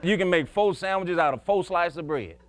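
A man's voice: sits high, fairly quick. A male preacher telling a folksy story in a sermon, chuckling and emphatic as he goes.

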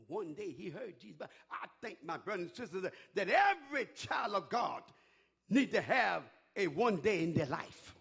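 Male preacher hollering a sermon, high and husky, voice all over the place, aave. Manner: shouting, whooping preaching with call-and-response.

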